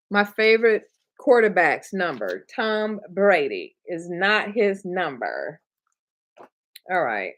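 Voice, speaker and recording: This livestream host, a middle-aged Michigan woman in her 30s or 40s who trains notary signing agents, talks very slowly with long pauses in a fairly low, sing-song voice. She chats casually and warmly with viewers and the chat, often laughing and occasionally becoming emotional.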